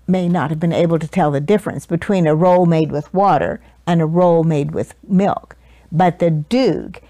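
A woman reading a children's picture book aloud with expressive storytelling. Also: on the low side, no room sound.

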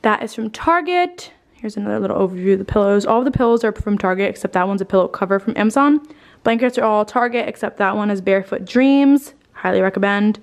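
Speaking fast in an animated, medium-pitched voice, a woman in her twenties gives a casual home tour as a lifestyle vlogger. She raves about her holiday decorations, slightly breathless and cursing offhandedly.

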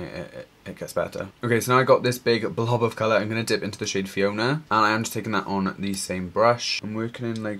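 Young man, Welsh accent, lowish voice, chatty, gushing, makeup tutorial vlog. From Wales. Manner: chatty, gushing, lots of "like" fillers. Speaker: makeup artist.

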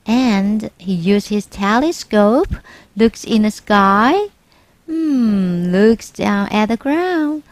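A woman's voice: a little high, no room sound. A young woman with a Taiwanese accent, an English teacher reading a picture book aloud to children with gasps and dramatic exclamations.

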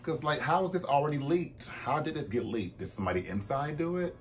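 A man hosting a vlog in casual, chatty commentary. He talks animatedly, with swooping pitch, sudden loud bursts and frequent fillers. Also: very animated, fairly quick, hardly any pauses. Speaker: vlog host.

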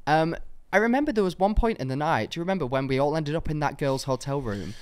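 Lively man telling stories. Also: on the high side, fast, smooth. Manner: chatty storyteller, laughs often, acts out voices in quotes. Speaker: podcast co-host. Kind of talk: casual chat.

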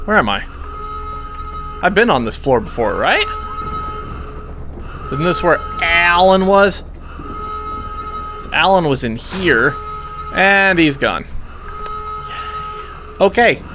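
Male let's play host, joking self-talk, jumpy, lively pitch, unhurried pace, music playing behind. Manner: talks to himself, jumpy and joking. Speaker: gaming channel host. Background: game music.

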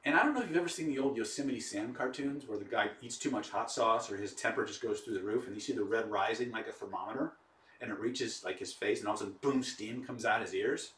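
Guy teaching a webinar, tells stories all animated, keeps saying okay?, sounds far off in an echoey room. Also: fairly low pitch, fast. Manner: animated storyteller with frequent restarts and "okay?" check-ins. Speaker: webinar presenter. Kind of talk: persuasion webinar storytelling. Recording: roomy echo, distant mic.

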